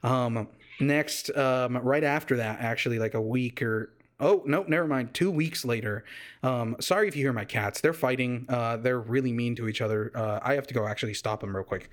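A man's voice: mid-range voice, moderate pace. Rambling young man from Texas. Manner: rambling, loose and jokey, with many fillers and restarts. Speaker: podcast host. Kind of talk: casual solo podcast chat. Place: warm home room with a fan running.

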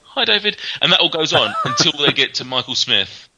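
A man's voice: mid-range voice, animated, a little fast, sharp tone, husky. A man telling casual, rambling anecdotes in a chat, full of fillers and restarts. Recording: dull lo-fi sound.

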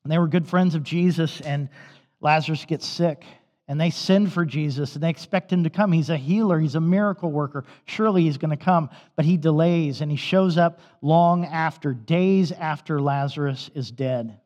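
Guy preaching a sermon, kinda high voice, big church reverb, bit muffled. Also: normal speed, darkish tone. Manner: storytelling, conversational preaching. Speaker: pastor. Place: church sanctuary. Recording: dull recording with long hall reverb.

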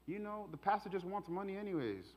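A preacher voicing a sly, mocking devil. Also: male voice, sits high, very animated, a little fast, long reverb tail, a little hiss or hum. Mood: taunting. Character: sly tempting male devil spirit.

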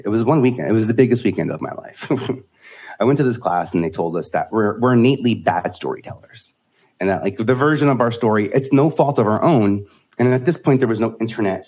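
Husky man in his forties, candid. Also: on the low side, a little mellow. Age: 40s. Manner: candid, laughs often, restarts phrases. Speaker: podcast guest. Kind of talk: casual conversation.

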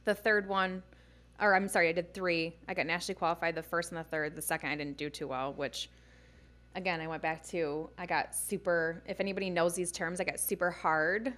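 A young woman chatting casually as a guest, telling animated stories full of "like" and acted-out quotes. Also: lowish voice, brisk. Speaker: guest, bikini fitness competitor. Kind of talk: casual storytelling chat.

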